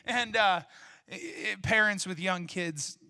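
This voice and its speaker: A man preaching a sermon and telling stories animatedly, with bursts of shouting. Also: high voice, slow pace, smooth, no echo. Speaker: pastor.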